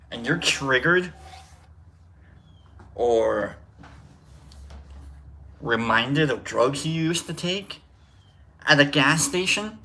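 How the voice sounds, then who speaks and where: A man's voice: medium pitch, creaky, pushed and bright, a little hiss or hum. A man hosting a casual livestream, rambling and joking while greeting viewers by name. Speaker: livestream host.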